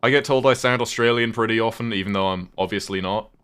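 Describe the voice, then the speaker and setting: A man's voice: fairly low pitch, fast, a bit bright, clear, resonant tone. A British man chatting casually on a livestream while gaming, rambling, swearing offhand and thanking viewers. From United Kingdom.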